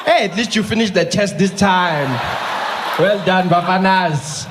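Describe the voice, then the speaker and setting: A man's voice: high-pitched, measured pace, a crowd in the background. A man voicing a doting adult fan, heaping patronizing praise on a losing team. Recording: noisy live stage recording.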